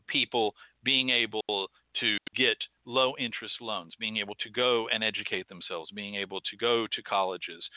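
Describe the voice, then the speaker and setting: Over a dry, tinny, phone-like recording, a fairly low-pitched man with a Southern US accent hosts a call-in program. His monologue is heated, profane, and rhetorical, full of phrases he keeps repeating.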